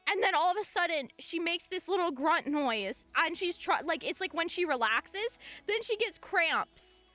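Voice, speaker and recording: A woman streamer telling a long story to her chat in an excitable way, breaking into shrieks and laughter. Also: very high voice, moderate pace, soft background music.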